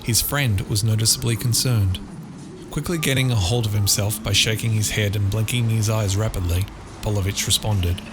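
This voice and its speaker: A man narrating an audiobook of a dark thriller in a measured, dramatic storytelling manner. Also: on the low side, steady tone, noisy background. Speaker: author and narrator. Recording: loud guitar music underneath.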